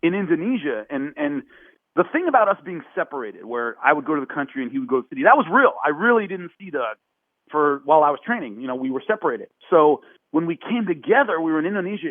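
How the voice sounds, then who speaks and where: A man's voice: fast, no room sound. A man telling a story as a podcast guest, acting out quotes in a raised voice. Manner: animated, acts out quotes with raised pitch. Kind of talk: casual storytelling. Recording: phone-like narrow band.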